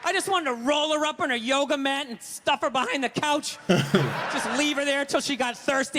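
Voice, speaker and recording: A man delivering a stand-up routine in a strikingly high voice. He tells his story with rising exasperation and acts out rants in quotes. A faint hiss sits under the recording. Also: normal speed. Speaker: stand-up comedian.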